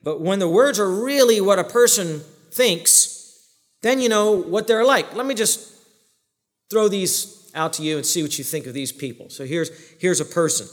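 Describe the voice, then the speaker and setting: A man preaching a sermon as the pastor, emphatic, throwing questions at the congregation and answering them himself. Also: on the high side. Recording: long reverb of a large hall.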